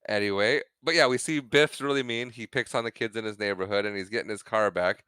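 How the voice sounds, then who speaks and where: A man co-hosting a podcast, casually recapping a movie, laughing often and acting out quick bits of dialogue. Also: on the low side, pushed and bright, clean tone, dry recording, clean studio sound. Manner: retells scenes with quick acted-out quotes, laughs often. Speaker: podcast co-host.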